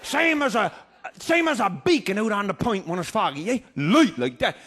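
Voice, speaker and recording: A middle-aged man telling a comic tall tale, boisterous, often shouting and chuckling through his lines. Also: high-pitched, big pitch swings, normal speed. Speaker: comedian storyteller.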